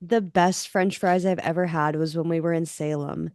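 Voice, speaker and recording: A young woman co-hosting a podcast, talking in a relaxed, easygoing way and leaning on "like" a lot. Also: sits low, normal speed, no room sound, clean studio sound. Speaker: podcast co-host. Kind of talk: casual chat.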